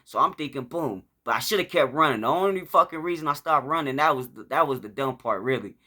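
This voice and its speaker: A man's voice: fairly high pitch, animated, fast. A man casually telling a story from his own life, profane and rambling, with a lot of restarts. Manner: profane, rambling, acts out shouts and quotes.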